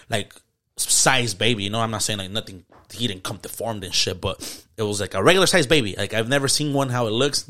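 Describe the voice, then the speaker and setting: A man's voice: mid-range voice, fairly bright tone. A young man, telling a story in casual podcast chat, slangy and profane, dropping in Spanish words. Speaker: podcast host.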